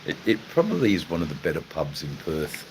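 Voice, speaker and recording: A man's voice: rumbling low, sing-song, fairly quick, background noise. An Australian man hosting a casual live chat with his viewers, laid-back and rambling, with lots of fillers and casual swearing. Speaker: livestream host chatting with viewers.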